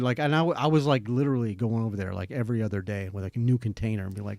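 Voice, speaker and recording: A man's voice: mid-range voice, fast, a little mellow, no room sound, clean studio sound. Rambling man hosting a chat podcast. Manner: rambling, lots of fillers and restarts. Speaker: podcast host. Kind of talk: casual chat.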